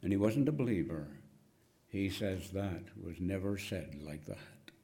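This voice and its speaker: A man preaching a sermon, slow and dramatic, rising to loud cries and dropping to hushed whispers. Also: low-pitched, animated.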